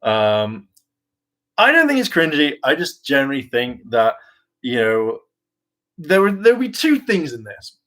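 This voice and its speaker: A man of ordinary pitch chats loosely to his viewers. He wanders from one thought to the next with plenty of "um"s and "like"s. He mocks himself and swears now and then in an easy, offhand way. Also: wildly swooping pitch, a little slow, pauses often, fairly bright tone, poor audio. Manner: chatty and self-mocking, with frequent fillers, laughs and mimicked voices; casual swearing. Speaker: vlogger and hopeful actor. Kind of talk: casual rambling commentary.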